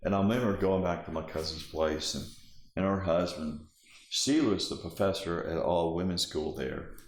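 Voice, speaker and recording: Low-voiced male storyteller, acts out the dialogue; echoey room. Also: moderate pace. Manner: vivid storyteller acting out dialogue. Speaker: interviewee. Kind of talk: personal storytelling.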